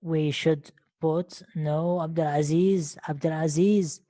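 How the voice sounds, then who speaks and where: A woman's voice: low voice, fairly even intonation, slow, mellow. A woman teaching an English lesson on an online call, speaking patiently and repeating words and questions for her learners.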